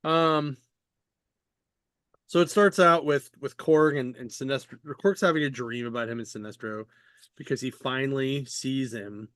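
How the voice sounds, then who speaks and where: A man's voice: medium pitch, a little slow, fairly bright tone, smooth, no room sound, clean studio sound. A man hosting a podcast, chatting casually and rambling with lots of fillers and the odd swear. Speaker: podcast host. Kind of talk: casual chat.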